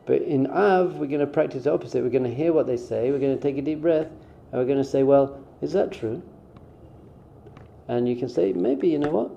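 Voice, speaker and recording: A rabbi gives an informal, conversational spiritual talk, acting out brief quoted exchanges. His medium-pitched voice is creaky and fairly quick, and the recording sounds dull and muffled.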